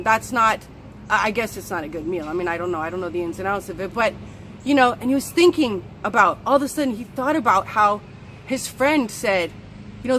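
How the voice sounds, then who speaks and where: Animated woman telling a story. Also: fairly high pitch, slight background noise, rough recording. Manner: animated, acts out quoted voices. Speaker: well-being coach. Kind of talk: casual storytelling monologue.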